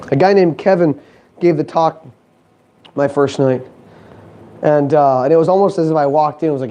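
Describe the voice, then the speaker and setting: A man's voice: sits high, moderate pace, warm tone. Chatty man giving a motivational talk. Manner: storytelling, acting out quoted voices, laughing often; chatty, frequent "you know what I mean". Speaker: speaker at a business event.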